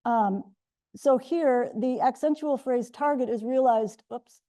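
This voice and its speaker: A woman's voice: high voice, unhurried, mellow. A middle-aged woman presenting research at an academic colloquium, explaining step by step with frequent self-corrections and restarts. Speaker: linguistics researcher giving a colloquium talk. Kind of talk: academic lecture. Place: lecture room.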